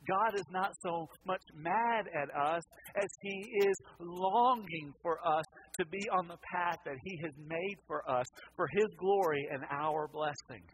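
A pastor preaching a sermon, repeating words and swinging between loud passages and hushed ones. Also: male voice, a little high, normal speed, hardly any pauses, slight background noise, low-quality recording.

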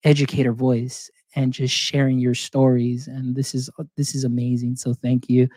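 Mellow-voiced man hosting a chat show. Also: medium pitch, completely flat delivery, normal speed, no room sound, clean studio sound. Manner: encouraging, chatty, laughs easily. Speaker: show host. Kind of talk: casual panel chat.

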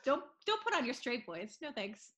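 A woman's voice: high voice, very animated, moderate pace, heavy background noise. A woman hosting an interview podcast, playful and teasing in casual chat. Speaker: podcast host.

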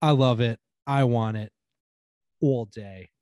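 A man's voice: mid-range voice, slow, a little mellow, clear, resonant tone, no echo, studio quality. A man co-hosting a casual sports podcast, laid-back, reading out team lists that trail off at the ends. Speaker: podcast co-host.

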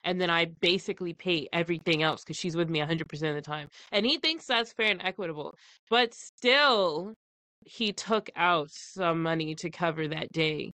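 A woman's voice: on the low side, normal speed, sharp tone, no room sound. A woman in her thirties co-hosting a podcast, animatedly retelling a story with quoted dialogue and frequent laughs. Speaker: podcast co-host. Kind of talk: casual chat, storytelling.

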